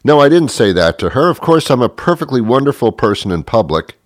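A man's voice: medium pitch, brisk, dry recording, studio quality. Sarcastic man telling a comic story. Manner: sarcastic, self-mocking, lively rambling. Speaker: comedic storyteller. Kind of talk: comedic monologue.

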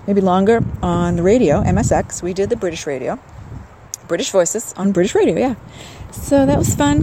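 A woman's voice: medium pitch, noisy background. An older woman hosting a podcast, chatting in a wry, rambling way about her trip. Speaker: podcast host. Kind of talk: casual travel vlog monologue. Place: outdoors then indoors, on a trip.

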